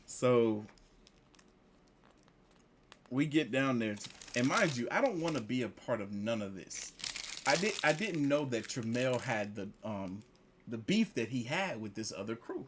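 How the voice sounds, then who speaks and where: Man, casual storytime, mid pitch, animated delivery. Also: measured pace, a little hiss or hum. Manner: animated, jumps up in pitch when quoting others.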